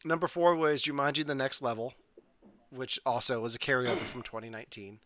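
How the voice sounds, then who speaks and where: A man's voice: medium pitch, steady tone, brisk, a bit bright, no echo. A man hosting a casual podcast over a video call, running through facts with joking asides. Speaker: podcast host. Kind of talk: casual chat.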